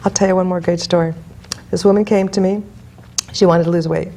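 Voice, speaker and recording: A woman's voice: on the low side, steady tone, brisk, dark tone. A woman guest hypnotist in an interview, telling client stories bluntly and emphatically. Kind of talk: interview storytelling.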